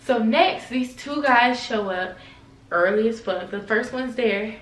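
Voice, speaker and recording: A woman casually telling a party story to camera, animated, slangy and profane, acting out the quotes. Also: a little high, unhurried. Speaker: storytime vlogger. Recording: echoey room, mic at a distance.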